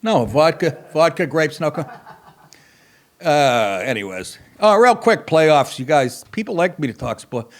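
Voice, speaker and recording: Middle-aged male host, crude self-mocking storyteller, fairly high voice with lots of pitch swing. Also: big pitch swings, a little slow. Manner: wry asides, breaks into laughter. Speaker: podcast host. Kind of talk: profane comedic monologue.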